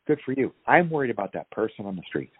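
A husky, low-voiced man talks with fiery, ranting intensity as a podcast guest, his pitch swinging widely as he pushes each point. The sound is thin and tinny like a phone line, with a dry, close feel. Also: very animated, fast, no echo. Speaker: guest activist. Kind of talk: impassioned podcast interview.

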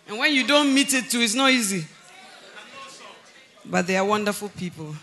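A woman preaching a sermon in a church, animated, breaking into loud emphasis and laughter as she acts out conversations. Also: mid-range voice, normal speed, long pauses, some chatter behind.

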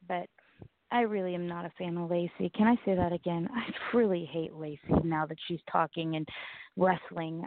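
A woman's voice: fairly low pitch, no room sound. A woman with a Southern American accent, co-hosting in casual chat, rambling and blunt with self-mocking asides. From Southern United States. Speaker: co-host. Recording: tinny phone-like line, dry.

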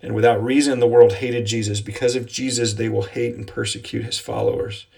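A man teaching a devotional Bible lesson, earnest and repetitive, slowing down to quote scripture. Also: medium pitch, little pitch movement, gravelly, a little mellow, breathy edge.

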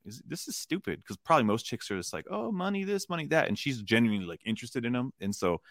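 A man co-hosting a casual film discussion podcast, rambling and animated, acting out lines from scenes. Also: on the low side, fast talker, no echo, studio quality. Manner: rambling, animated, acts out character lines in funny voices. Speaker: podcast co-host.

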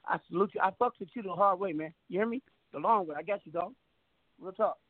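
Middle-aged male call-in radio host, high voice, rambling casual delivery, thin phone-line sound. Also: fast, dry recording. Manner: rambling, repeats words, stammering restarts.

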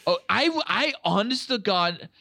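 A man co-hosting a podcast, chatting excitedly about a film with lots of swearing and acted-out quotes. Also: sits high, a little slow, creaky, dry recording. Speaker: podcast co-host. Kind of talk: casual film review chat.

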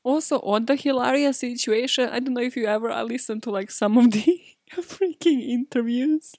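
A woman's voice: on the high side, moderate pace, darkish tone, no echo, studio quality. A woman hosting a podcast, telling a true-crime story in a casual, profane, chatty way with sarcastic asides. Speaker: podcast host.

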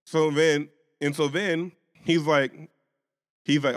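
Slow and pausing often, this young podcast co-host has a voice on the high side, recorded without echo. His heated story comes out in casual, animated chat full of swearing, frequent restarts, and repeated words.

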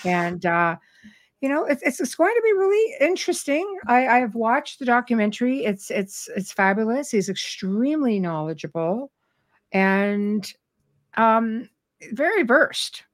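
A middle-aged woman hosting a live talk show, speaking in a robust, animated way from years of public speaking. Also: a little high, measured pace. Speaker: host. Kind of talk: casual chat.

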